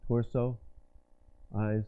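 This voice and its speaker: A middle-aged man giving a live talk, leading the audience through exercises in an animated, directive way. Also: medium pitch, extremely slow, clean tone. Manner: animated, directive, demonstrates states with his voice and body. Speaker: workshop speaker and communication coach. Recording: dull lo-fi lecture recording.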